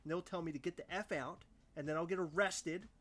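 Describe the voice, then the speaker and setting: A man's voice: on the high side, a little fast, a bit bright. A young man co-hosting a casual podcast chat, ranting with mock outrage. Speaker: podcast co-host.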